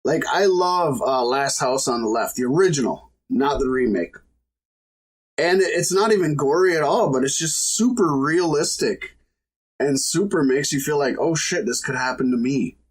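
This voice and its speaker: Podcast guy shooting the breeze, raspy husky voice, swears a lot. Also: fairly high pitch, animated, normal speed. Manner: laid-back, profane banter. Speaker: podcast co-host. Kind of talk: casual chat.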